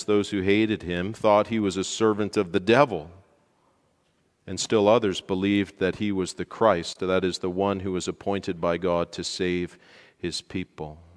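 A man preaching a sermon, telling a story with lively emphasis, rising loud at key points and dropping to near quiet for dramatic moments. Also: fairly low pitch. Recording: long hall reverb.

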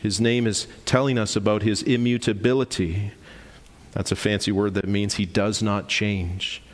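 Pastor preaching in a reverberant hall. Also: male voice, fairly low pitch, fairly even intonation, normal speed. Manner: emphatic, rhetorical questions, explains terms plainly. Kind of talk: sermon.

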